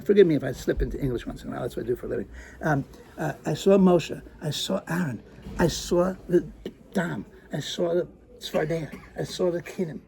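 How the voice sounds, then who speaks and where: A man teaching a lesson, using Hebrew terms and acting out his stories, moving from hushed tones to excited outbursts. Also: fairly high pitch, a little fast, vocal fry, a little hiss or hum. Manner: animated, swings from hushed to excited. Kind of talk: lecture with acted storytelling.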